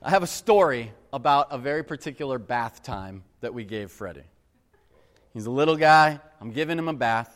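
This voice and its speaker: A man's voice: mid-range voice, moderate pace. Earnest preacher man in a reverberant hall. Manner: earnest, animated storyteller who addresses the crowd as guys. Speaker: pastor. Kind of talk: sermon with personal storytelling. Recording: long reverb of a large hall.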